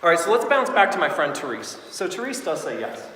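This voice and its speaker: A bright, lively man leads a live sales training from the front of a big hall, chatty and laughing easily as he tells stories. His voice reaches the mic from a distance, with a long echo off the walls. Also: a little high, fairly quick, a little hiss or hum. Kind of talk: live training talk to an audience. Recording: echoey hall recorded from far off.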